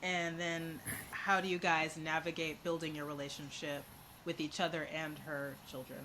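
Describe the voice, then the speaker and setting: A woman with a very low voice hosts a podcast and puts curious, friendly questions to her guest. Faint hiss sits under the recording. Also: flat delivery, normal speed, sharp tone. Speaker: podcast host. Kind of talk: interview questions.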